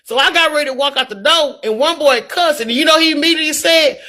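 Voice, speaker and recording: Middle-aged woman live streaming, dead serious and preachy, sharp bright voice, keeps repeating herself. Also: high-pitched, a little fast. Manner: earnest, preachy, repeats words when worked up. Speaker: livestreamer reading viewer comments. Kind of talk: candid live-stream talk.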